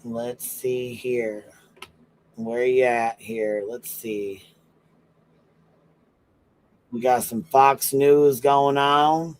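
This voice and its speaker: A man's voice: medium pitch, fairly even intonation, extremely slow, a little hiss or hum, poor audio. A man hosting a casual livestream, checking in with viewers in slangy, repetitive talk. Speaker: livestream host.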